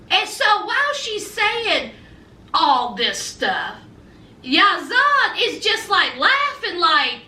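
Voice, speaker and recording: A woman's voice: extremely high pitch, big pitch swings, takes it slowly, sharp tone, distant mic. A woman giving a sassy, emphatic recap of a reality show, asking "okay?" again and again. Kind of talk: casual TV recap commentary. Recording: echoey room, voice a bit off mic.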